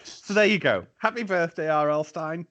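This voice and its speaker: A man co-hosting a podcast, playful and quick to laugh in a casual comedic chat. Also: on the high side, lively intonation, fairly bright tone. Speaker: podcast co-host. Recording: dull, lo-fi sound.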